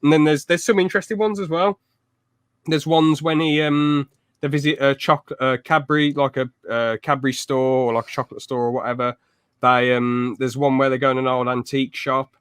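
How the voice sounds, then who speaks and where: A young man chats casually as a podcast host. He tells stories with energy and throws in loud acted-out quotes. His voice sits at a middle pitch, recorded dry and close. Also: a little fast, clear, resonant tone, no echo. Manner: lively storyteller who acts out loud quotes. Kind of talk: casual chat.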